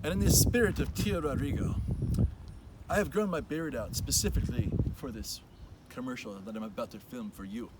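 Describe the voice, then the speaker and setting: A man hosting a plant show, doing a parody product-placement ad outdoors in a put-on Spanish accent, with a mock-dignified, slow, theatrical delivery. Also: medium pitch. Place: outdoors at the side of a street. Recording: outdoor street recording with traffic noise.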